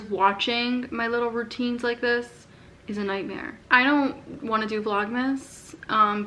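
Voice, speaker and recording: Young woman vlogger, softened Boston accent, casual and chatty, faint hiss in the room. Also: medium pitch. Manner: relaxed and chatty, often saying "like". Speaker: lifestyle vlogger. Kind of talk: casual Q&A chat.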